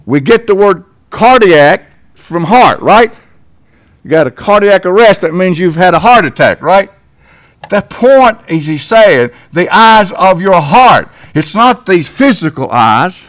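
A man's voice: high voice, lively intonation, unhurried, a bit bright. An older man from Tennessee with a Southern American accent, preaching a sermon as pastor in a church, folksy and emphatic with sudden swells. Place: church sanctuary.

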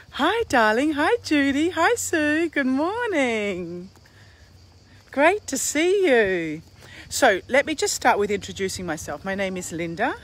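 Australian woman, tour guide, walking outdoors, phone mic, chatty, faint background noise. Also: fairly high pitch. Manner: chatty, greets viewers warmly by name. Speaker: tour operator. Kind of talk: live walking tour vlog. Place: outdoors in a hill town square.

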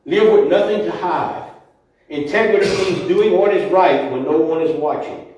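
A man delivers a devotional talk in a church, earnest and a little halting, often restarting his thoughts. His voice sits somewhat high for a man. The mic is well away from him, so a strong church echo hangs on every phrase. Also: a little mellow. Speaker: church speaker. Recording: echoey church room, mic far off.

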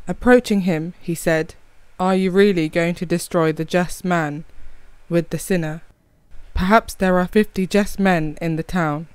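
Woman, liturgical Bible reading, very smooth resonant voice, dry close sound, measured delivery. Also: medium pitch, no room sound. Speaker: scripture reader.

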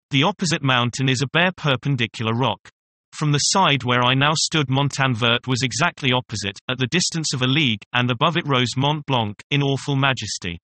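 Man reading an old novel, bright sharp voice, super dry close mic. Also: mid-range voice, no room sound. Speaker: audiobook narrator. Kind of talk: scripted first-person narration.

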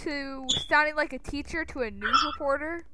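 A woman chatting casually and playfully while playing an online game with a friend, often quiet and easily startled. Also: sits high, moderate pace, crowd noise. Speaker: gamer co-host. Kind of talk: casual gaming chat.

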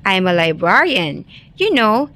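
A woman voicing a sly male wolf who poses as a librarian, talking in a smooth, coaxing way while reading a bedtime story. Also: mid-range voice, sing-song, measured pace, a bit bright.

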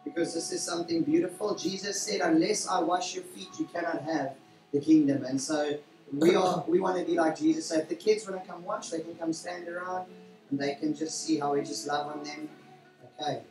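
A man, a pastor leading a church service, talking in a warm, rambling way with many fillers and self-corrections. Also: fairly high pitch, fairly even intonation, brisk. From South Africa. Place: church hall during a service. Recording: roomy church hall from a distance, faint music.

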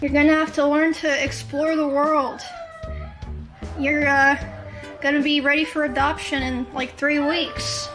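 Woman vlogger with a high voice, casual and excitable, cooing at puppies at home; faint music behind. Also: unhurried, rough recording. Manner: coos and scolds puppies in a playful, excitable way. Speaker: streamer vlogging her day. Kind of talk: casual vlog chat.

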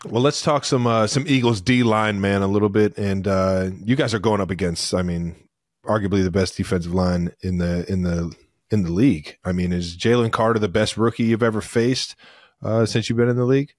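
A man's voice: fairly low pitch, fairly even intonation, brisk, no echo. A man hosting a podcast in casual chat, joking around and swearing freely. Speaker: podcast host.

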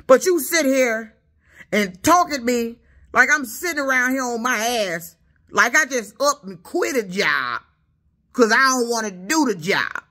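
A woman's voice: a little high, animated, unhurried, sharp tone. A woman from Detroit with a Southern-tinged accent, ranting indignantly at commenters from the couch in her apartment, stammering and repeating herself. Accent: Detroit with a Southern lilt. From Detroit, USA. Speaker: YouTuber. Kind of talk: angry rant at commenters.

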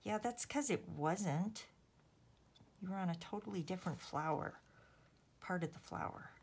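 A Canadian woman hosts a casual crafting vlog, chatting self-deprecatingly with viewers as she makes cards and occasionally murmuring to herself. Her voice is on the low side, gravelly, husky and a little mellow, with lively intonation at a moderate pace.

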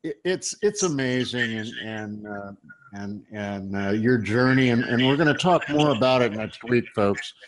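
A male talk show host speaks with enthusiasm, often tripping over his words. His pitch is ordinary and middle. A clear background noise sits under his voice. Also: animated, a little slow, low-quality recording.

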